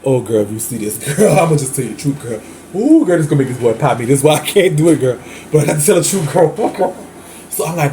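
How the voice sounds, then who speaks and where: Talking fast in a slightly high, warm voice, a host from Louisiana shares an open storytime monologue in his New Orleans accent. He's flamboyant and chatty, laughs frequently, and calls everyone "girl," with a little hiss or hum in the recording.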